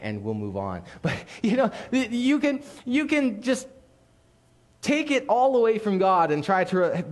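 A man in a church sanctuary delivering a sermon with a fairly high voice. He tells the story with lively asides to the congregation, joking one moment and earnest the next. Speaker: pastor.

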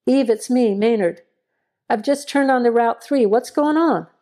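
Stern male deputy in a storybook reading, curt and gruff, mellow low tone, as a woman narrator puts him on. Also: unhurried, close to an everyday voice. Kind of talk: audio horror story reading.

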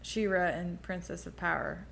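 A woman's voice: on the low side, steady tone, moderate pace, gravelly, fairly bright tone, a little hiss or hum. A young woman co-hosting a book podcast, chiming in eagerly with her own comparisons in casual chat.

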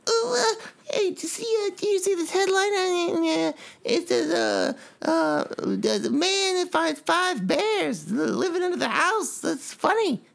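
A man's voice: very high-pitched, lively intonation, measured pace, vocal fry, fairly bright tone, voice pushed up, heavily acted. A man doing an impression of a late-night talk show host, stammering and laughing over a funny headline. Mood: giggly. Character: giggly middle-aged male late-night talk host.

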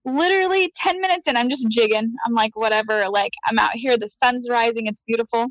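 A woman telling a story in casual chat, animated, laughing often and acting out her own quotes. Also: a little high, brisk, no room sound, poor audio. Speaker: guest.

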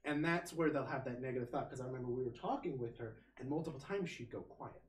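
A young American man explaining things in a relaxed, casual conversation. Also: mid-range voice, fast. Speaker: guest. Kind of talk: casual chat. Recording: roomy, distant mic.

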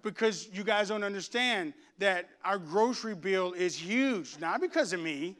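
A middle-aged pastor preaching to his congregation in a church, swinging from joking asides to loud, fervent preaching. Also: sits high, expressive, a little slow. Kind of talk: sermon. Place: church sanctuary before a congregation.

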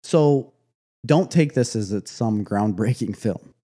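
A man chatting casually about a movie, retelling stories with animated laughs. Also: fairly low pitch, slow pace, husky. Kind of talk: casual movie review chat.

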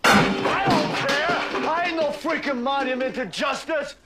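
An actor playing a wounded, fiery one-handed baker in a film drama, brooding and prone to shouting. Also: male voice, very high voice, measured pace, over loud music. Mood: furious shouting. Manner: brooding, then bursts into shouting.

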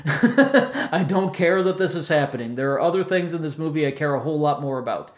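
A man's voice: fairly high pitch, fairly quick. A man in his forties co-hosting a casual chat about movie soundtracks, talking chattily, often laughing and correcting himself mid-sentence. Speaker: podcast co-host.

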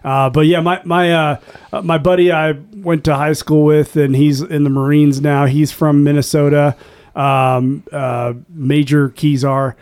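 A man's voice: fairly high pitch, level tone, a little slow, darkish tone, smooth. A man hosting a casual beer-tasting podcast, telling rambling, easygoing stories. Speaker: podcast host.

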